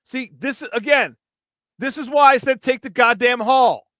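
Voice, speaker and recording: Male sports talk host, high-pitched, dry studio mic, angry rant with mocking asides. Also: normal speed, fairly bright tone, dry recording. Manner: frustrated, profane, mocking impressions.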